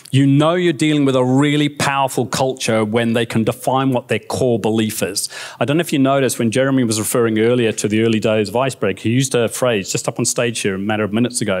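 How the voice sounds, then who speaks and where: A man with a New Zealand accent giving a lively, conversational keynote talk on stage, often checking in with the audience. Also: medium pitch. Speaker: conference speaker. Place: conference stage.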